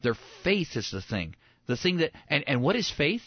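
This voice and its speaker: Man, pastor, conversational Bible teaching, animated, dry dull recording. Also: a little high, moderate pace, husky, no echo. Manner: animated, acts out quoted voices, repeats words when excited.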